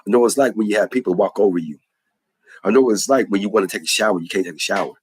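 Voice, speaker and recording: A man's voice: on the low side, rapid-fire, darkish tone, slight background noise. A man giving an impassioned spoken testimony, preaching in an earnest, repetitive, emphatic cadence.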